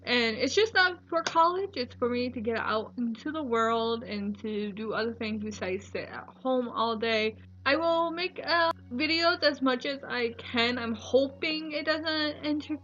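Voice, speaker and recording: Chatty young woman with a bright, lo-fi voice. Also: a little high. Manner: chatty, rambling, many "like" fillers. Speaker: vlogger. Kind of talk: casual storytelling vlog. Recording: dull lo-fi recording with faint music.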